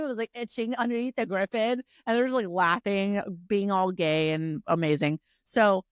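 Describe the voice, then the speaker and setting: A woman co-hosting a casual book podcast, retelling the plot with lively energy and plenty of swearing. Her voice sits in a middle range. The sound is dry and close, with no room echo. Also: mid-range voice, a little fast, hardly any pauses, clean tone. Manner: animated retelling, acting out characters with swearing. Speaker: podcast co-host. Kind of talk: casual book recap chat.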